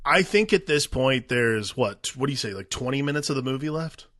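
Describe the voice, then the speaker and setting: Lively, bright-voiced man on a podcast. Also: mid-range voice, fairly quick, no echo, studio quality. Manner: sarcastic, acts out quotes, swears. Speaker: podcast co-host. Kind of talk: casual movie review chat.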